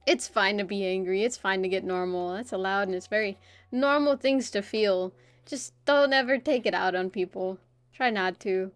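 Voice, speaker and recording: A young woman streamer chatting casually and telling a personal story, animated, swearing often and laughing between phrases. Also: medium pitch, moderate pace, no echo.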